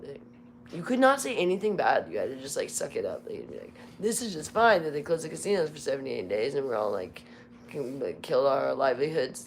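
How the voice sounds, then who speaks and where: Hoarse low-voiced woman, candid chat. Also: a little hiss or hum. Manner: candid, confessional, rambling. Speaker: livestream host. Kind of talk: casual live chat. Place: Las Vegas home.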